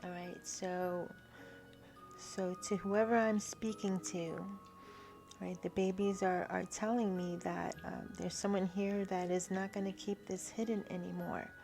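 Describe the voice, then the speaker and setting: A woman giving a spiritual tarot reading to her viewers. She talks haltingly, repeats herself and often checks in with "right?". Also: fairly low pitch, level tone, vocal fry, over music. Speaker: tarot reader.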